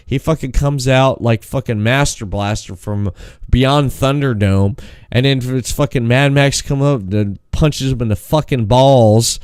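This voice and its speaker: A man co-hosting a podcast, ranting in a profane, animated way and acting out quotes in a raised voice. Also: mid-range voice, unhurried, smooth, no echo, clean studio sound. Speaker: podcast co-host. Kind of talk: casual podcast chat.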